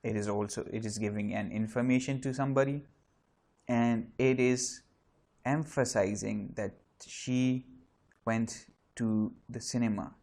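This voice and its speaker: A man's voice: mid-range voice, steady tone, a little slow, darkish tone. A man explaining English grammar step by step in an online lesson, with frequent restarts and fillers. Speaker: English teacher.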